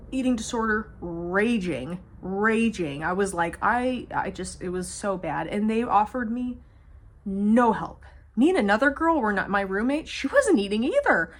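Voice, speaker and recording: A young woman vlogger tells a storytime monologue straight to her camera. Her voice sits fairly high, and she swears freely while speaking with animated emphasis.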